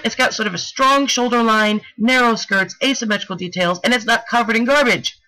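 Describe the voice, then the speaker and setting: Animated, jokey woman giving a talk. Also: fairly high pitch, fairly quick, hardly any pauses, rough recording. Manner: animated and jokey, with slangy asides. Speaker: presenter giving a talk with slides. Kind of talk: playful storytelling lecture.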